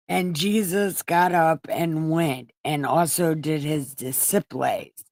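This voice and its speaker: Woman, irreverent Bible retelling, unhurried delivery, dry close sound. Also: deep voice, fairly even intonation, darkish tone, no room sound. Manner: profane, sarcastic asides. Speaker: host reading scripture.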